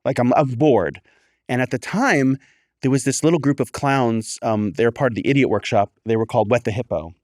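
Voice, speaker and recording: A man's voice: medium pitch, a little fast, a little mellow, dry recording, clean studio sound. A man telling a long story in a casual podcast chat, acting out the voices of people he quotes. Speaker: guest, clown performer.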